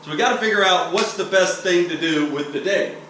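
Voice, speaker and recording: Guy from texas preaching, kinda higher voice, explains stuff and keeps checking okay?, very echoey far-off mic. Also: fairly quick, fairly bright tone. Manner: conversational, explanatory, frequent restarts and "okay?" checks. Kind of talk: teaching sermon. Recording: roomy echo, distant mic, faint hiss.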